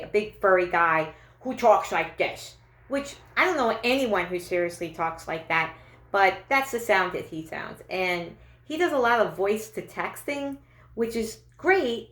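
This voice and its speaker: A woman comic talks through a loose stand-up set in a chatty, self-mocking way. She stumbles and restarts often, and her voice sits at an everyday middle pitch. It bounces around an echoey room. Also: fairly bright tone. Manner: chatty, self-deprecating, many fillers and restarts. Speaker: stand-up comedian. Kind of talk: stand-up comedy monologue.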